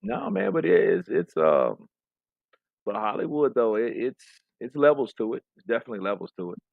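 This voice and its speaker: A man's voice: on the low side, sing-song, moderate pace, creaky, no room sound, phone-quality sound. A man co-hosting a podcast in casual chat, rambling and profane, often trailing off mid-thought. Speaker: podcast co-host.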